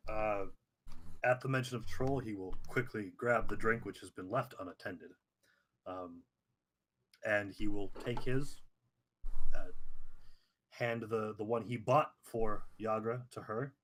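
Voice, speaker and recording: A man playing a tabletop game, describing his character's actions in a quiet, low-key manner. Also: steady tone, measured pace, long pauses, a little hiss or hum, rough recording. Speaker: player.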